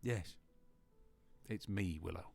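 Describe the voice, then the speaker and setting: Man voicing male cat spirit, low voice, steady, guilty, visual novel lines. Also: slow, vocal fry, heavily acted. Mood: sly. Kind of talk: reading visual novel dialogue aloud.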